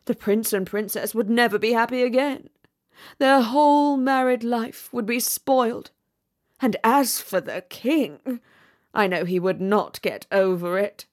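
A woman's voice: a little high, unhurried, close to an everyday voice. A woman reading a storybook aloud, voicing a conceited, pompous male firework rocket in a haughty, dramatic manner. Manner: haughty, self-important, dramatic.

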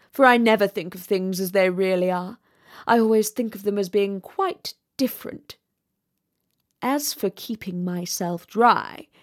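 Woman reading a haughty firework rocket, storybook voice, self-important, dramatic, unhurried delivery, middle pitch. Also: natural voice. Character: conceited pompous male firework rocket.

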